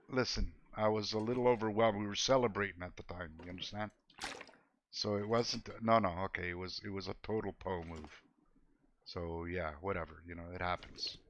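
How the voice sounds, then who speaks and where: A man's voice: fairly low pitch, creaky, fairly bright tone, lo-fi sound. A man streaming a video game, chatting casually with viewers in a laid-back, joking way and laughing often. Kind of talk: casual gameplay chat with viewers.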